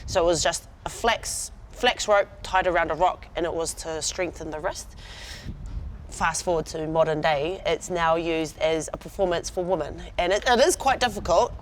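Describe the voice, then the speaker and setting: Low-voiced New Zealand woman, relaxed chat. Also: normal speed. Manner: warm, proud, laughs easily. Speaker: rugby player guest. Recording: faint background noise.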